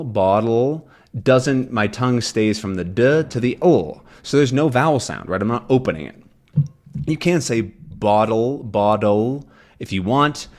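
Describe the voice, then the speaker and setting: Low-voiced man teaching English casually. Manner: relaxed, thinking aloud with many ums. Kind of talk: casual pronunciation lesson.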